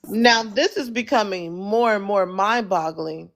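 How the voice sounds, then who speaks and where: A woman hosts a live audio panel. She reacts with exclamations and keeps things moving at a brisk pace. She sounds mid-pitched and plain. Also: fairly bright tone. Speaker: host.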